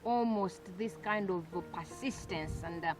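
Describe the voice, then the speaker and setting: A woman's voice: mid-range voice, unhurried. A woman hosting an interview, asking long probing questions full of fillers. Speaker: interview host. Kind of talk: conversational interview. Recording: clear music playing behind.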